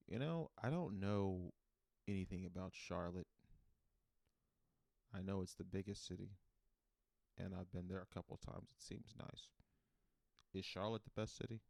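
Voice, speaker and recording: A man hosting a solo comedy podcast, rambling in a deadpan, self-mocking way. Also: low voice, vocal fry, dry recording.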